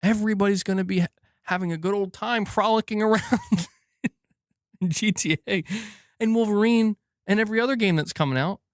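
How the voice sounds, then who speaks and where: Young male gaming host, high animated voice, exasperated and profane rant, dry close recording. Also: brisk, dry recording. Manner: exasperated, swears often, restarts sentences, mocks with put-on quotes. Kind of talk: heated solo rant.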